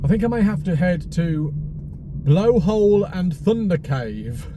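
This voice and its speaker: A travel vlogger muses and rambles aloud while driving. His voice sits a little high for a man. Heavy engine and road noise rumble under everything he says. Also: expressive, a little slow. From Britain. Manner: chatty, rambling musings to camera. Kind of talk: casual vlog chat. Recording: loud car and road noise. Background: loud road and engine noise.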